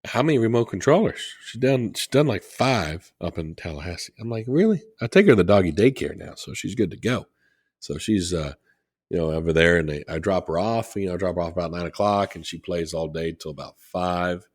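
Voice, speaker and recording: A man's voice: deep voice, fairly quick. A man co-hosting a podcast, talking casually and rambling as he plugs a local business. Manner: rambling, repeats phone number for promotion. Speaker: podcast co-host. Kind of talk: casual chat. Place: Southwest Florida.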